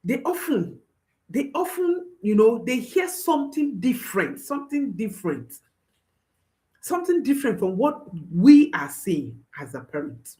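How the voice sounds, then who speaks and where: A woman's voice: a little high, big pitch swings, a little slow, mellow. A woman parenting coach giving advice to viewers, emphatic, often repeating her phrases and checking in with a questioning "hmm?".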